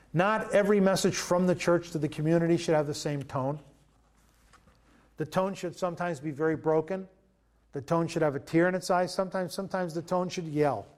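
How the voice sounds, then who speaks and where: A pastor preaching a sermon in an earnest, conversational way, often pausing with fillers and restarting his sentences. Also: a little high.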